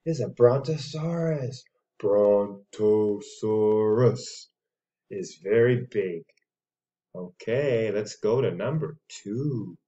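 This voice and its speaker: A man teaching English to young children, reading dinosaur names slowly and playfully for them to repeat. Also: fairly low pitch, lively intonation, dark tone, highs cut off. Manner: slow, drawn-out words for repeating; playful, voices the dinosaurs speaking.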